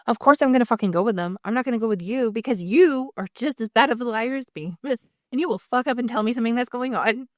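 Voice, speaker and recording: A woman's voice: fairly high pitch, fast talker, few pauses, no echo, studio quality. A woman co-hosting a podcast, chatting casually in rambling tangents and swearing freely. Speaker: podcast co-host. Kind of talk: casual chat.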